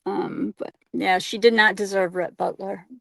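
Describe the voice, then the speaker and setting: A woman's voice: medium pitch, fairly even intonation, a little slow, vocal fry, dry recording. A young woman with a Midwestern American accent co-hosts a casual live stream. She talks in a chatty, giggly way with plenty of ums and likes. Her voice is recorded dry and close, with no room sound. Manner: chatty, filler-heavy, giggly. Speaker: co-host.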